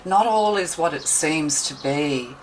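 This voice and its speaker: A woman's voice: deep voice, animated, a little slow, darkish tone, slight background noise, poor audio. A woman tarot reader giving a meandering, intuitive card reading, thinking aloud with many fillers.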